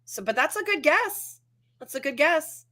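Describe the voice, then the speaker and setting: A woman's voice: sits high, big pitch swings, normal speed, pushed and bright. A woman co-hosting a live stream, chatting in a loose, rambling way with many fillers. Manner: rambling, lots of "like" and restarts. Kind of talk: casual live-stream chat.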